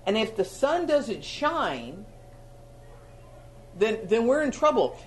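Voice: mid-range voice, sing-song, slow pace, slight background noise. Preacher whose chatty sermon builds to sudden emphatic outbursts. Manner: conversational teaching, with sudden loud emphasis on repeated words.

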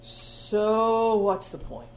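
Preacher, sermon, chatty teaching tone, sudden loud emphasis, middle pitch, faint background noise. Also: expressive, very slow.

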